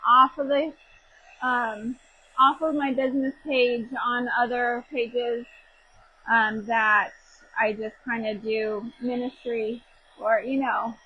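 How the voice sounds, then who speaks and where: A woman's voice: a little high, fairly even intonation, measured pace, dull audio, a little hiss or hum. A woman, around her thirties and from Texas, chatting casually and rambling with lots of fillers while she crafts live for her viewers. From Texas, USA. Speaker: craft livestream host.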